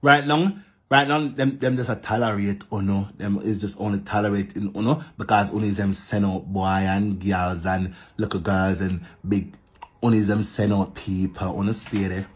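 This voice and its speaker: A man with a Jamaican accent ranting to camera in patois, animated and repetitive, talking back to commenters. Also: fairly low pitch, moderate pace, slightly rough. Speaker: social media vlogger. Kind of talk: casual ranting monologue to camera.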